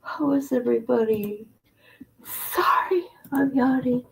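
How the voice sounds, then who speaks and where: Lady doing a chill livestream, reading court papers out loud, talks to chat in between. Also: mid-range voice, steady tone, measured pace, poor audio. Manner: chatty, reads legal text aloud with asides. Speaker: livestream host.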